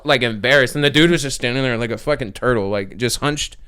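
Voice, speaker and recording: A man's voice: mid-range voice, brisk, smooth. Laughing man telling a wild story. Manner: animated, laughing storyteller who acts out the people in his stories. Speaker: podcast host. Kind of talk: casual storytelling chat.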